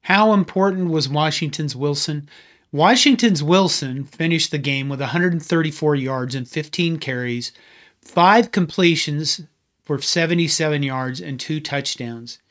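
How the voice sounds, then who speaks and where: A man's voice: on the high side, measured pace, fairly bright tone. A man hosting a history channel, giving a scripted narration with conversational, wry asides.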